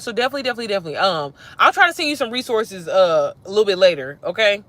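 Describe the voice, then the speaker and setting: A woman hosting a casual livestream, animated and slangy, talking straight to her viewers. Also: mid-range voice, rapid-fire. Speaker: livestream host.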